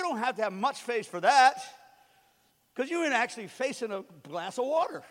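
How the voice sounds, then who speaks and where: A man's voice: extremely high pitch, big pitch swings, normal speed, fairly bright tone. A male pastor preaching a conversational sermon with joking asides in a church. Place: church sanctuary. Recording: long reverb of a large hall.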